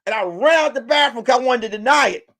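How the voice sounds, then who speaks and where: A male comedian tells a rambling, profane story in a high voice that keeps leaping up and down. He breaks into sudden loud bursts between quicker asides. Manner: animated, with sudden loud outbursts. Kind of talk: stand-up storytelling.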